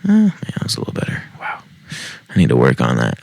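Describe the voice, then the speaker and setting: Deep gravelly-voiced man reading stories. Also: animated, fast, dry recording. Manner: joking asides, self-mocking. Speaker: podcast host reading online posts. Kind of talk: casual read-aloud storytelling. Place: home basement.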